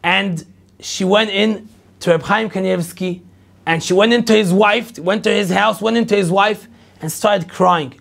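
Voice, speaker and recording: A man's voice: high voice, measured pace, gravelly, fairly bright tone. A middle-aged man, a rabbi telling a personal story to an audience and acting out the dialogue, with lots of repetition. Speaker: rabbi lecturer.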